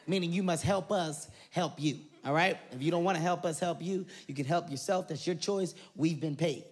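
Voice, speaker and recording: A woman's voice: fairly low pitch, normal speed, lightly acted. A comedian playing a businesslike female rafting guide reading out safety rules in a live stand-up set. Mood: bossy.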